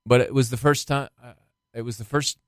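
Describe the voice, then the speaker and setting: A man's voice: mid-range voice, steady tone, a little fast, no echo, studio quality. An American man, a guest actor, chatting on a podcast and rambling through stories with lots of restarts. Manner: rambling storyteller with many restarts. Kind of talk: casual podcast chat.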